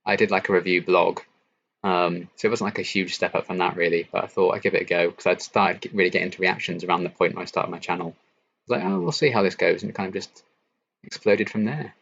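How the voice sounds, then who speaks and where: A young Englishman who runs a YouTube reaction channel hosts a relaxed late-night stream Q&A, reading chat messages and answering them. He talks fast in a deep, low, slightly rough voice with vocal fry, full of ums and likes, and the lo-fi home audio sounds a little dull.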